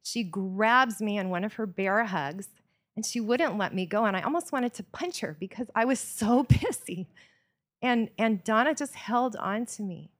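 A woman's voice: medium pitch, animated, normal speed. A woman preaching a sermon in a church, telling stories with earnest, varied emphasis.

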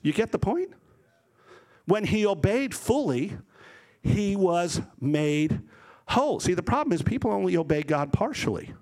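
A middle-aged male pastor preaching with animated energy. His voice sits a little high, and he tells the stories vividly, slipping into the people he describes. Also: a little slow. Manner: animated storytelling, acts out voices. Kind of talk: sermon.

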